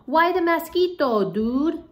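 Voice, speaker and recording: A woman's voice: high-pitched, animated, slow, voice pushed up. A woman voicing a tiny laid-back male chihuahua, talking in a casual, slangy way. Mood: chatty.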